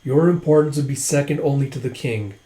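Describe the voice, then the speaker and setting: Man doing a polite, formal tribal queen, measured, story recap, echoey room. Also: medium pitch, warm tone, close to an everyday voice. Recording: roomy echo.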